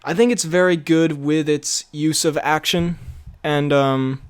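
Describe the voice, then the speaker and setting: A young man with a slightly raised pitch chats loosely on a podcast. He rambles through fillers and restarts and breaks into laughter easily. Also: fairly even intonation, unhurried, clear, resonant tone. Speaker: podcast co-host. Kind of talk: casual chat.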